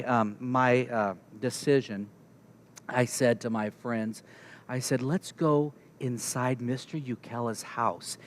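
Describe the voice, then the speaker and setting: A young adult man preaching a sermon, telling a story with lively energy and acting out the dialogue of the people in it. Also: medium pitch. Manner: animated, acts out characters and dialogue. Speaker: pastor.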